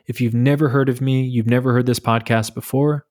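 A New York man in his thirties talks through his own story on a podcast. His pitch barely moves, a level and steady voice. He jokes along casually with the odd "um" and "like". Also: fairly quick. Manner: relaxed, joking, storytelling with fillers. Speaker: podcast host. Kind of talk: casual solo podcast monologue.

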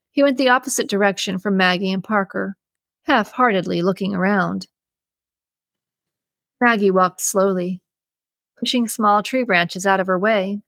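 A woman narrating a novel aloud in a steady storytelling manner. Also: medium pitch, no echo. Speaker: audiobook narrator. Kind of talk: scripted narration.

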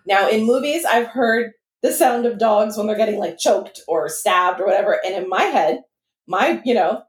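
A young woman co-hosting a podcast, telling a story in casual chat, animated and swearing freely. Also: mid-range voice, moderate pace, roomy sound. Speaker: podcast co-host.

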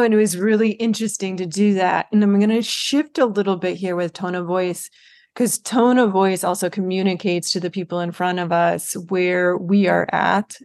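A woman's voice: fairly low pitch, darkish tone. A woman hosting a podcast interview, chatting in an enthusiastic, affirming way.

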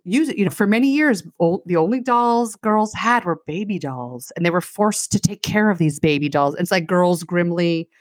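A woman's voice: on the low side, no room sound, clean studio sound. A woman co-hosting a podcast, sardonically retelling a film in casual chat, saying "like" often and acting out the lines she quotes. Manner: sardonic, animated storytelling with acted-out quotes; says "like" very often. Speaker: podcast co-host.

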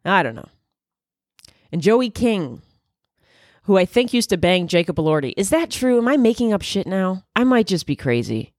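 A woman's voice: big pitch swings, normal speed, no room sound, clean studio sound. Profane, rambling woman comic. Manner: profane, rambling, swings into loud high exclamations. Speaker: comedian podcast host. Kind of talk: casual comedic monologue.

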